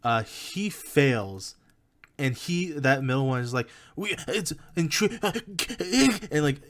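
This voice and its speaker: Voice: mid-range voice, lively intonation, a little slow. A game master running a tabletop game, narrating loosely with many fillers.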